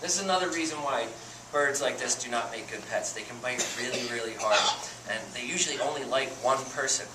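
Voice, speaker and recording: A man who keeps animals, giving a chatty, animated educational talk to a group and laughing often. He is recorded from a distance with loud surroundings behind him. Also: medium pitch, brisk, heavy background noise. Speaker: animal keeper. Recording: echoey and distant with loud ambience.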